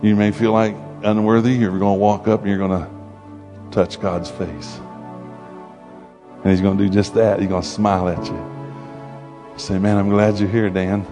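A man preaching a sermon to a congregation, animated and conversational, with playful asides. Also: on the low side, moderate pace, pauses often. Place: church hall before a congregation. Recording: long hall reverb with faint music.

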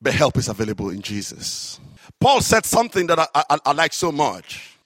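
Animated male preacher, lively pitch. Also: no room sound, clean studio sound. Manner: animated storytelling, drawn-out emphatic phrases. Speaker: works alongside a psychiatrist in an office. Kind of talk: sermon.

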